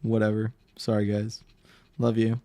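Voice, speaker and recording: During a casual art livestream, this tattoo artist teases viewers and laughs often as they chat. Yet his voice, on the low side and mellow, is delivered completely flat and a little slowly.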